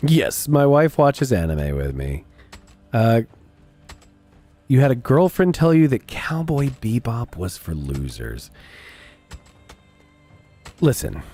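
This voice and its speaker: A man's voice: mid-range voice, wildly swooping pitch, slow pace, long pauses, dark tone, soft background music. A man streaming a game and chatting casually with viewers in a blunt, profane, rambling way. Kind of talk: casual chat while gaming.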